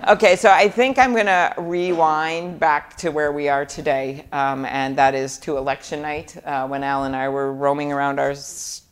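A woman's voice: deep voice, fairly even intonation, normal speed, hardly any pauses, clean tone. A middle-aged woman from Minnesota, a senator, giving a chatty live speech full of anecdotes and fillers. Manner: chatty storytelling with many fillers. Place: event hall before a live audience.

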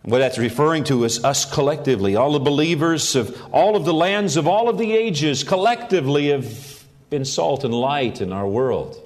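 A man's voice: a little high, animated, moderate pace. A middle-aged man, a pastor, preaching a sermon with earnest emphasis that rises on key phrases.

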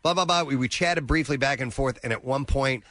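A middle-aged man hosting a radio show, chatting casually and telling stories with animated restarts. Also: mid-range voice, fairly quick, no echo.

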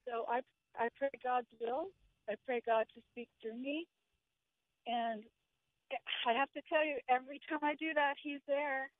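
A woman's voice: high-pitched, fairly even intonation, unhurried, pauses often, dry recording. Breathless older woman on a phone line. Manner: earnest, talking between breaths. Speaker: caller.

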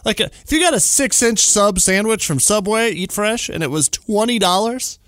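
A man's voice: normal speed, no room sound, clean studio sound. A man hosting a casual solo podcast, telling a trip story and ranting, with big jumps in his voice. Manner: animated, exaggerated jumps in pitch when ranting. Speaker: podcast host.

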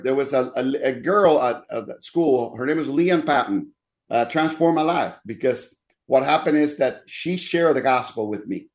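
A pastor tells his own story in an interview. His medium-pitched voice is earnest, and he often pauses with fillers as he speaks. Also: darkish tone. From Dominican Republic. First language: Spanish. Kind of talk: interview guest telling his life story.

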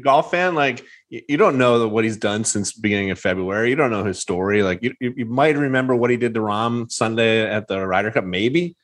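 A man chatting casually on a sports podcast as a guest. He tells stories with animated energy, swearing freely and switching voices to act out what others said. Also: on the low side, a little fast, few pauses. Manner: animated storyteller, swears, acts out quoted voices.

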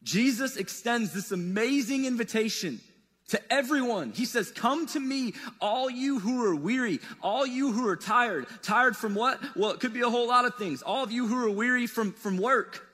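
A man preaching a sermon in a loose, conversational way, swinging between loud and soft. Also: animated, normal speed. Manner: casual, conversational preaching with wide swings in pitch and loudness. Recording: long reverb of a large hall.

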